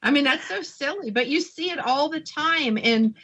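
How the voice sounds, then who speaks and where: A woman's voice: high voice, animated, moderate pace, a bit bright, lo-fi sound. A woman hosting a radio interview, who agrees with her guest and builds on what the guest says. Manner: agreeing, affirming, adds to the guest's points. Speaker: radio show host.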